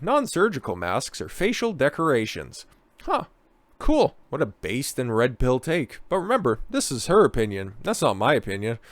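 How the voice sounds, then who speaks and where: This is a male commentary host who delivers biting sarcasm and frequent profanity. His voice is smooth and resonant at a middle pitch. It is recorded close and dry, with no room sound. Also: no echo. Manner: sarcastic, profane, mocking asides.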